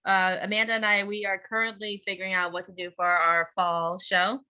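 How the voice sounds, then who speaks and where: A woman's voice: mid-range voice, flat delivery, bright, forceful tone, smooth, lo-fi sound. A woman guest in a casual interview, a teacher and cosplayer, talking in a bubbly, chatty way. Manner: bubbly, chatty, quick laughs.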